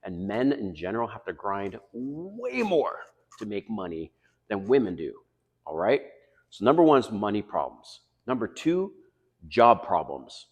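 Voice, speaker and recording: A middle-aged man giving dating advice in a casual monologue, blunt and confessional, swinging between loud emphatic stretches and quiet asides. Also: sits low, in a large hall.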